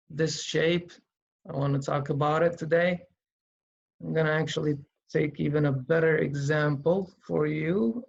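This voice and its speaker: A man teaching Quran reading in a slow, step-by-step tutorial, patiently thinking aloud as he writes. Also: a little high, creaky, muffled recording, a little hiss or hum.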